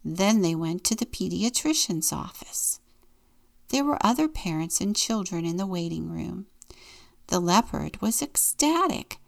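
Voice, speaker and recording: A woman deacon reading a children's picture book aloud in a gentle, unhurried storytelling manner. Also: on the low side, very animated, vocal fry.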